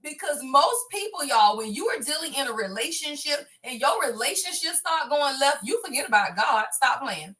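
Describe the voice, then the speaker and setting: A middle-aged woman gives a chatty, casual tarot reading. Her high voice goes from soft musing to excited bursts, and it sounds bright. She sits a little back from the mic. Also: moderate pace, hardly any pauses, recorded from a distance. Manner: chatty, keeps saying "y'all", swings between soft and excited. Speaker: tarot reader. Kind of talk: casual spiritual card reading.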